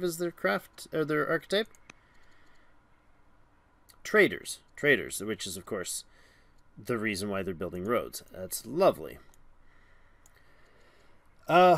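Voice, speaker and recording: A man talking through a strategy game in a loose, chatty way, reading the game's text aloud and breaking into excited outbursts. His pitch rises and falls a lot as he reacts. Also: no echo. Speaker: game streamer. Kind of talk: casual gameplay commentary.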